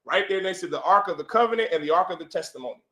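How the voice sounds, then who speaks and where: In a room with an audience, a man teaches a religious class, pressing listeners with repeated rhetorical questions and calling on them to answer. His voice sits high and is a bit bright, with lively intonation at a racing pace, and the room is echoey.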